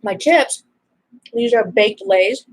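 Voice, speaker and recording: A woman's voice: medium pitch, slow pace, husky, low-quality recording. A young adult woman chatting casually to her viewers while eating supper, rambling from topic to topic with exasperated asides. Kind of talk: casual chat.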